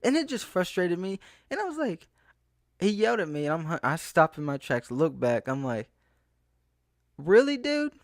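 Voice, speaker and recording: Man, young adult, casual ranting monologue, rambling and exasperated, a bit high-pitched, dry recording. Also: animated, normal speed, no echo. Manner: rambling, exasperated, restarts and quoted asides. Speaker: vlogger. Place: outdoors in a town, then home.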